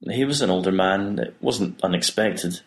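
A man voicing a troubled priest who speaks quietly and subdued. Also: low-pitched, normal speed. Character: troubled middle-aged male priest.

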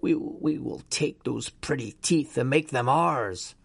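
A man's voice: mid-range voice, slow, gravelly, slightly rough, no echo, pitched above the performer's own voice, exaggerated voice. Man doing a buzzing inner creature voice. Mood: hungry. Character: buzzing parasitic voice inside a man's head.

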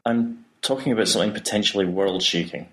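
A man voicing a troubled priest who speaks quietly and subdued. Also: on the low side, fast. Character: troubled middle-aged male priest.

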